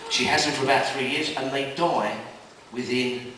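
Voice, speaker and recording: Bright-voiced comic in an echoey venue. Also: male voice, slight background noise. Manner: brisk storytelling, jumps in pitch for quoted characters. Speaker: stand-up comedian. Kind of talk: stand-up joke telling. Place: live comedy venue. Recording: echoey live room, mic at a distance.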